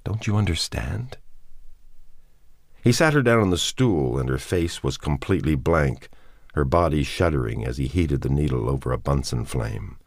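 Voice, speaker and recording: A man narrating a novel as a scripted audiobook reading, in a measured, unhurried manner. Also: extremely low pitch, animated, dry recording, clean studio sound.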